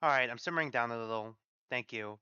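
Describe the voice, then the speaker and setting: A man's voice: a little high, very animated, moderate pace, pushed and bright, no echo. A man voicing a frustrated, bitter foreign engineer who vents in heated, clipped bursts, on dull lo-fi audio. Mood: bitter venting.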